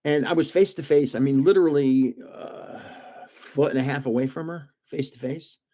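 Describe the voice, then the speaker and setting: A man's voice: on the high side, fairly even intonation, normal speed, mellow. An older man hosting a live stream, telling rambling stories in a chatty way and laughing often. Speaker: host of a live card-opening stream.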